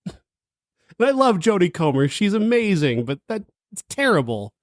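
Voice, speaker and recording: A man's voice: high voice, very animated, normal speed, dry recording, studio quality. A man co-hosting a film review podcast, chatting bluntly and in an exasperated way, often laughing. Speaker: podcast co-host, film critic. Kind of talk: casual chat.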